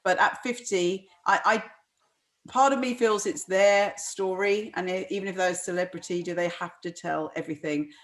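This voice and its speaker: A middle-aged woman author speaking at a book launch, hesitant, with frequent restarts and ums. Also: lowish voice. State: close to tears. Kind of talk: conversational discussion.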